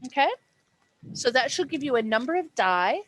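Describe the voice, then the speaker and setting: A woman's voice: high voice, big pitch swings, normal speed, no room sound. A woman acting as game master, explaining dice rules and describing the setting in a chatty way, with many fillers and self-corrections.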